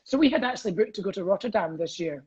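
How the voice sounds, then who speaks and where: A Scottish man chatting as a comedian guest on a video call from home, animated and rambling, laughing through his stories. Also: sits high, fast, slightly rough, highs cut off. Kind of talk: casual video-call chat.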